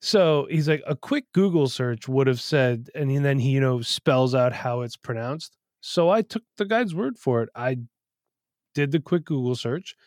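A man's voice: mid-range voice, lively intonation, normal speed, darkish tone, dry recording. A man in his thirties co-hosts a casual podcast from his home studio. He tells stories candidly and swears freely. The sound is dry and close. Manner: candid, profane, storytelling. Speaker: podcast co-host. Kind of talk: casual chat.

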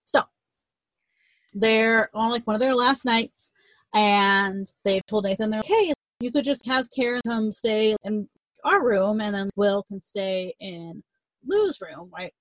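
A young woman rambles through a book's ending in casual chat, dropping swear words and acting out lines as she goes. Her voice sits at an ordinary middle pitch. The sound is close and dry. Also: animated, measured pace, fairly bright tone, dry recording, rough recording. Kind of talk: casual chat retelling a novel.

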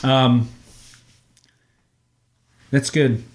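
A man's voice: medium pitch, level tone, extremely slow, slight background noise. A man in his thirties hosting a casual family podcast from a home sunroom, playful and teasing with his kids. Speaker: podcast host and father.

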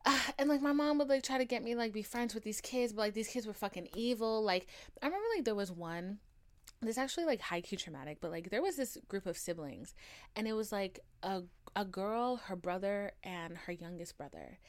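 A woman's voice: medium pitch, animated, fairly quick. Chatty young woman with a Southern twang. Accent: American Southern. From United States. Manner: chatty, frequent "like" fillers, swears freely. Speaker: podcast host. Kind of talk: casual storytelling monologue.

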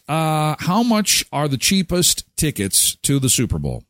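A man's voice: on the high side, huge pitch swings, normal speed, few pauses, fairly bright tone, no room sound, studio quality. A man hosting a daily morning show, talking casually and animatedly, often breaking into incredulous exclamations. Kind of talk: casual chat show monologue.

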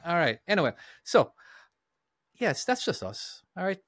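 A man's voice: a little high, very animated, a little slow, a bit bright, dry recording, clean studio sound. A man hosting a podcast in loose, sweary, casual chat. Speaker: podcast host.

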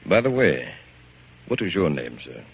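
An actor in a 1940s radio drama playing a police captain who questions the household in a brisk, businesslike way. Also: male voice, very deep voice, very animated, breathy edge, exaggerated voice. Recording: dull old radio recording, faint hiss.

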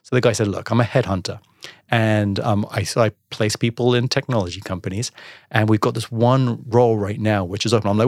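A man telling a personal business story in a casual interview, acting out the dialogue with animated voices. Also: on the low side, quick pace, no echo, studio quality. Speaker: podcast guest, entrepreneur.

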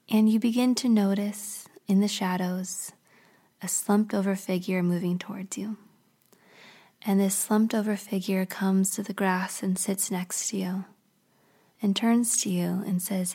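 A woman hosting a podcast, narrating a guided story in a soft, often half-whispered way. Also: mid-range voice, fairly even intonation, a little slow. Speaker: podcast host.

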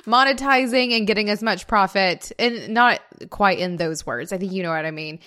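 A woman's voice: mid-range voice, normal speed, sharp tone. Chatty woman co-host, laughs a lot, tells little stories. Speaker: podcast co-host. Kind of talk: podcast interview.

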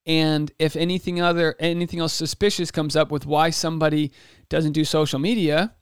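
A man's voice: on the high side, level tone, brisk, clean tone, dry recording, studio quality. Chatty, rambling male podcast host. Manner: chatty, rambling, many fillers and restarts. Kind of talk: solo podcast monologue.

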